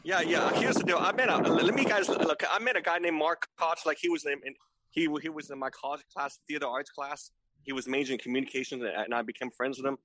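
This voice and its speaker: A man's voice: fairly high pitch, fast, bright, forceful tone, a little hiss or hum, poor audio. A man in his forties, a podcast guest, who stammers, repeats his words and keeps asking "right?" for agreement. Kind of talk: casual remote chat.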